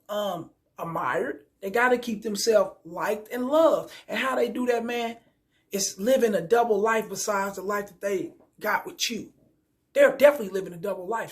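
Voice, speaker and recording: A young man rants to his viewers in a high voice. His talk is loose and streetwise, heavy with profanity and full of stumbling restarts. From Kansas City, Missouri. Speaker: vlogger. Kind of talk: casual storytelling rant.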